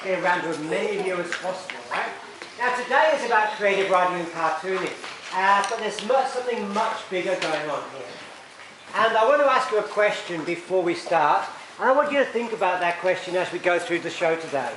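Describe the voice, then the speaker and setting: A man with an expressive voice that sits high speaks briskly while presenting a creative-writing workshop to children. He's playful, acting out scenes with silly voices and sound effects for the live audience. The recording is noisy and echoey, taken from far off in the room.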